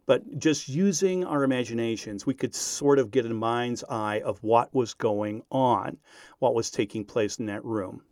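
A man recounting a personal story in an animated, self-deprecating way. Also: mid-range voice, measured pace, no echo, clean studio sound. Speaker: radio speaker.

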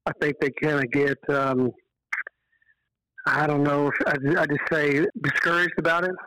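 A man from Texas with a Texan accent, a podcast guest telling stories in an earnest, animated way. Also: fairly high pitch, normal speed, no echo, poor audio. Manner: earnest, animated storyteller who quotes dialogue. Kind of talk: casual storytelling on a podcast.

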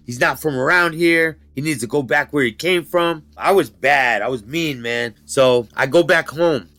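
Blunt, profane man with a forceful voice. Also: on the high side, moderate pace. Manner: blunt and profane, street slang. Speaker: interviewee recounting his youth. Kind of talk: candid life-story interview.

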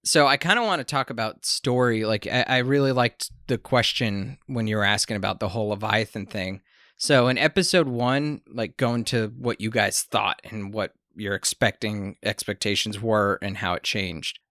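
A man's voice: on the low side, normal speed, a bit bright, no echo, clean studio sound. A man who runs the game, chatting casually on a podcast in a rambling, self-deprecating way. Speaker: game master.

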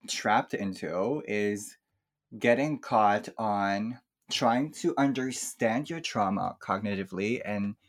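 A man speaking English as a second language, talking reflectively and softly with many fillers in a casual chat. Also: on the low side. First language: not English. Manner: reflective, soft-spoken, with frequent fillers. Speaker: podcast guest. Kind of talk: casual chat about emotional healing.

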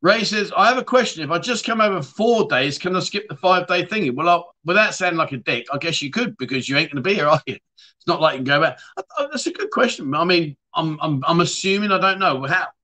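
A man with a somewhat high, lively voice talks fast, his tone bright and forceful. He hosts a casual livestream chat show, reading viewer comments aloud and answering them chattily.

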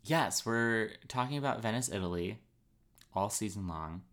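Bright-voiced, laughing male podcast host. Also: lowish voice, expressive, moderate pace. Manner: laughs often, playful teasing. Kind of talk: casual chat.

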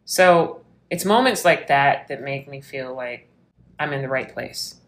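Low-voiced woman police officer telling a story. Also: a little slow. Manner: animated storytelling, acts out quoted lines. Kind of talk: storytelling in an interview.

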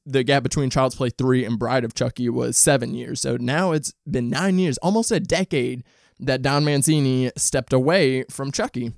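A male podcast host chats on his own at home in a loose, rambling way, swearing freely and restarting his sentences. His voice is gravelly and his throat sounds dry and rough. The sound is close and dry, with no room echo. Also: medium pitch. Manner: rambling, candid and profane, with frequent restarts. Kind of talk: casual solo podcast chat.

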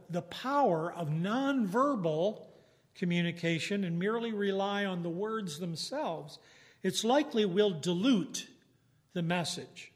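Slow-speaking middle-aged male preacher. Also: high voice. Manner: slow, measured teaching with fillers. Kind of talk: sermon.

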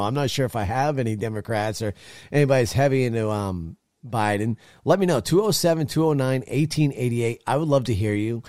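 A man hosts a call-in show, speaking bluntly and swearing as he rants. His voice is recorded dry and close at a studio mic. He sits at a middle pitch. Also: darkish tone, no room sound. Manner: blunt, profane, ranting. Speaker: talk show host. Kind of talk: opinionated political talk.

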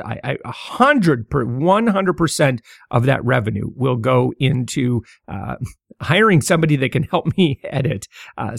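A man's voice: medium pitch, creaky, dry recording, studio quality. A middle-aged man hosting a casual solo podcast, talking with many fillers, stammers and restarts. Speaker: podcast host.

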